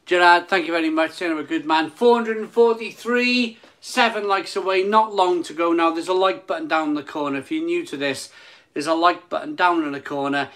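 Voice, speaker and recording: A man's voice: fairly high pitch, fairly quick. A man hosting a casual live stream from his phone, repeating phrases and stumbling over words. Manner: excited hyping, then soft and emotional.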